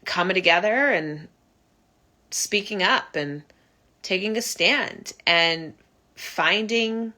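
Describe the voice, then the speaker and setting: A young woman telling her own recovery story in an earnest, heartfelt monologue, often halting and restarting. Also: medium pitch, pushed and bright. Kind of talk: personal reflective monologue.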